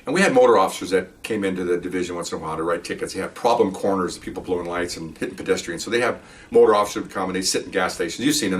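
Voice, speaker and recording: An older man rattles through a patrol story at a quick clip, wandering into asides and checking in with his listener. His voice comes from some distance away from the mic. He tells it casually, as a retired cop. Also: deep voice. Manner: rambling, with many asides and "okay?" check-ins. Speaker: retired police officer telling stories.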